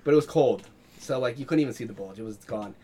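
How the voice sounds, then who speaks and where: A man's voice: mid-range voice, fast, warm tone, breathy edge. A young man hosting a casual podcast, telling crude stories with lots of swearing and laughter. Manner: laughing, profane storytelling.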